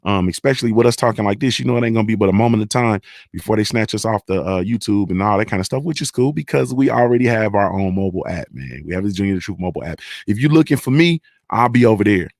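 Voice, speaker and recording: A man's voice: fairly low pitch, lively intonation, fast talker, hardly any pauses, a little mellow, no echo, clean studio sound. A young adult man hosting a casual livestream, talking emphatically and repeating himself, often checking that viewers understand. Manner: emphatic, repetitive, profane, keeps asking "you understand". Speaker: livestream host reading chat.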